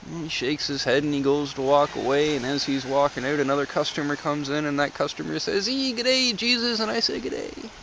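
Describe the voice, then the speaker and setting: Man, vlogger, dry absurd humor, bright voice, faint background noise. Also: a little high, brisk, gravelly, few pauses, rough recording. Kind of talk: deadpan comic storytelling.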